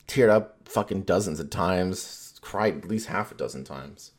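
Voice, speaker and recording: Low-voiced man rambling casually. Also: expressive, a little slow. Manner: rambling, profane, filler-heavy. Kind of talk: casual chat.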